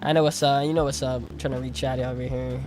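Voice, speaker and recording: A man's voice: medium pitch, flat delivery, quick pace, over music. Tired, rambling young male streamer. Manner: rambling, self-mocking, laughs often. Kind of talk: casual livestream chat while gaming.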